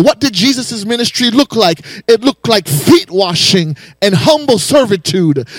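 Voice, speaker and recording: A man's voice: sits high, a bit bright, no echo. A male pastor preaching a sermon in rhythmic, repeating phrases and calling out to the congregation for praise. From raised in a West Indian home. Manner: rhythmic preaching with call-and-response exhortations.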